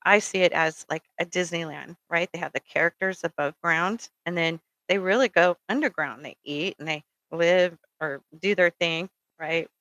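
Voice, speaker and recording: A woman's voice: lowish voice, moderate pace, few pauses, a bit bright, no echo, poor audio. A middle-aged woman giving rambling, casual spiritual advice, full of ums and checking in with "okay?". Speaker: spiritual speaker.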